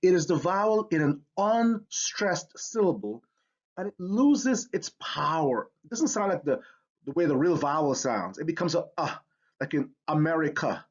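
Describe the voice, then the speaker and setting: A man's voice: fairly high pitch, expressive, normal speed, breathy edge, dull audio. A man teaching a spelling lesson, explaining with enthusiasm. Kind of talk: educational lesson.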